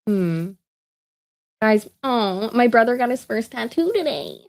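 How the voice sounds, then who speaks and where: A woman's voice: on the high side, big pitch swings, a little slow, creaky, darkish tone. A woman, chatting casually on a live stream with lots of asides, fillers and laughter. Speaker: vlogger.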